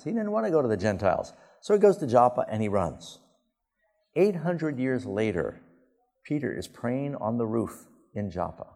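A male pastor preaching a sermon, telling the story emphatically and with sudden rises in pitch. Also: sing-song, moderate pace, gravelly, dark tone. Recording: long hall reverb.

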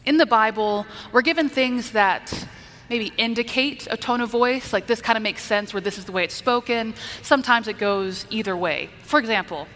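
A woman's voice: a little high, moderate pace, fairly bright tone, in a large hall. A woman preacher giving a conversational Bible teaching, explaining and checking in with her listeners. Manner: explanatory, asks the listeners "right?".

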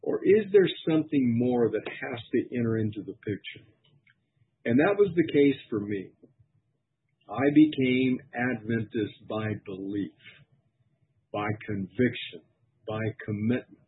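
A man's voice: mid-range voice, lively intonation, a little slow, breathy edge. A middle-aged man, a pastor, giving an earnest, reflective personal testimony sermon. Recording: tinny phone-like sound.

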